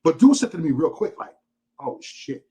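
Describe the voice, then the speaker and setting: A man reacts to a clip on his live stream, excited and profane. His voice is husky, fairly high and lively. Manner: excited, cursing, quick reactions. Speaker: channel host. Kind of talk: casual live-stream commentary.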